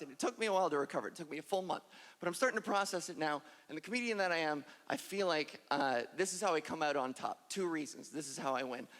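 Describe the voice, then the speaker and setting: A woman's voice: mid-range voice, a bit bright. A trans woman doing stand-up on stage, self-deprecating and punchy, in front of a live audience. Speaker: stand-up comedian. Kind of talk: stand-up comedy set. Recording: echoey hall with crowd and ambience.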